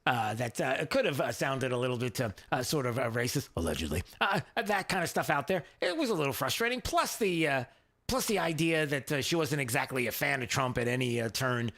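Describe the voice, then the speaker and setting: A man hosting a talk radio show, giving opinionated commentary in a mocking tone, often halting with fillers. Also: medium pitch, a bit bright.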